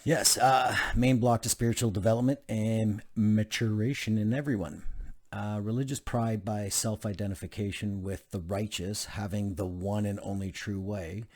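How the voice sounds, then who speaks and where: A man's voice: fairly low pitch, steady tone, moderate pace, darkish tone. A man reading aloud from a book, with casual asides and frequent fillers. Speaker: channel host reading a self-help book.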